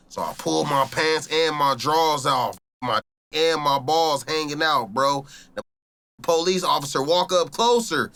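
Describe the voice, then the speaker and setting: A man's voice: medium pitch, moderate pace. A young man, an interview guest, telling a story in casual street slang and acting out the voices in it. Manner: animated, acts out voices in his story, heavy slang.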